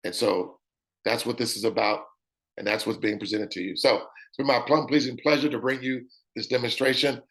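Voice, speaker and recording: A man with a raspy voice delivers an animated sales-pitch demonstration. His pitch sits in an ordinary middle range. He keeps tossing in "okay?" to check that his listeners are with him. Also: a little fast. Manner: animated, repeats "okay?" often. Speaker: presenter.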